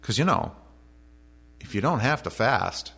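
A male pastor gives a conversational sermon in a church hall. His pitch rises and falls a lot as he tells the story and turns to the congregation with joking asides. He sounds relaxed and unscripted, as if talking with the people in front of him. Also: unhurried, creaky, breathy edge.

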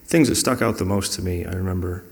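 A man's voice: low-pitched, fast talker, vocal fry. A man sharing personal stories in an earnest, reflective way during a conversational talk. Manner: earnest and reflective, acting out quoted dialogue.

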